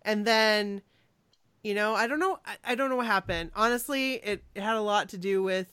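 A woman's voice: mid-range voice, normal speed, a bit bright, clear, resonant tone, no echo. A woman co-hosting a casual fan podcast, chatty and giggly, with plenty of likes and trailing fillers. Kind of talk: casual fan chat, reading out a listener story.

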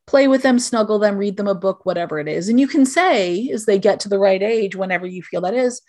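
A middle-aged woman speaks as a guest on a parenting podcast. She explains things in an earnest, direct way, with a voice in the middle of the usual female pitch range. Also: a little fast, darkish tone. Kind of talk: podcast interview advice.

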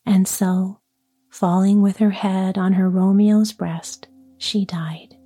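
A woman reading a storybook tale aloud in a soft, often whispery voice. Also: mid-range voice, steady tone, slow pace, slightly rough. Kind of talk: scripted storybook narration.

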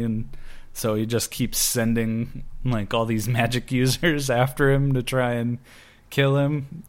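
Slow, rambling man chatting. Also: medium pitch, fairly even intonation. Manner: slow, rambling, many fillers. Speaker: guest. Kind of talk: casual chat about comic books.

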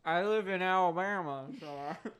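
A man chatting as a podcast guest, campy with dry jokes, often trailing off softly. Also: high-pitched, moderate pace, smooth. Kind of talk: casual chat.

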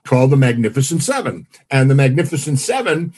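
A man's voice: mid-range voice, big pitch swings, fairly quick, darkish tone, breathy edge. A man, a comedian, reminiscing in a casual chat about the old days, in an easy, nostalgic way.

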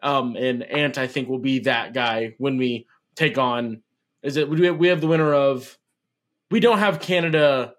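A man's voice: mid-range voice, measured pace, a bit bright. A man from Nebraska co-hosting a casual basketball podcast, joking around and poking fun at himself. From Nebraska, USA. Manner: joking, self-deprecating. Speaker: podcast co-host.

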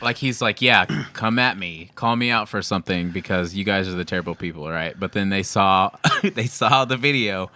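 A man's voice: sits low, normal speed, hardly any pauses, sharp tone. A man co-hosting a casual podcast, laughing often, swearing freely and acting out what others said. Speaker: podcast co-host. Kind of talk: casual chat.

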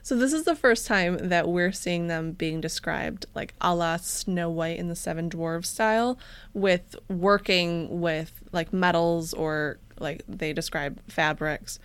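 A woman's voice: on the low side, slow pace, clear, resonant tone, no room sound. A woman co-hosting a podcast, chatting casually and jokingly as she tells stories. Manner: joking, storytelling, laughs often. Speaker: podcast co-host.

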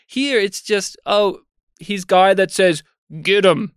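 A man co-hosting a film review podcast in casual chat, animated and digressive. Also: sits high, clean tone, no room sound, clean studio sound. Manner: animated, digressive, acts out scenes in quick put-on voices. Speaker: podcast co-host.

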